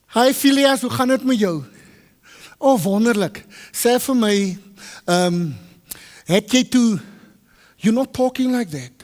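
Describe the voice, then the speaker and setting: A man preaching to a congregation, lively and teasing, switching between English and Afrikaans and quizzing his listeners. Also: sits high. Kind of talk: teaching sermon to a congregation. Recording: long hall reverb.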